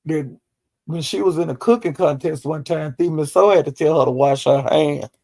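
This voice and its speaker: A man with a high, gravelly voice tells a gossipy recap of a livestream in loose, slangy talk. He is animated and breaks into laughter often. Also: moderate pace. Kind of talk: casual storytelling recap.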